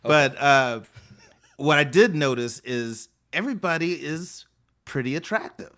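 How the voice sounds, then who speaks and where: A man's voice: fairly high pitch, animated, a little slow, bright, forceful tone. A middle-aged man co-hosting a casual podcast chat, frank with his opinions and laughing often. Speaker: podcast co-host.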